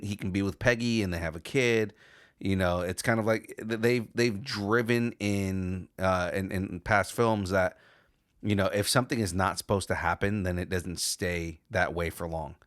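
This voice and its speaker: Speaking in a deep voice with a fairly bright tone, this man co-hosts a podcast, chatting casually and rambling through many restarts. The sound is clean studio quality without echo.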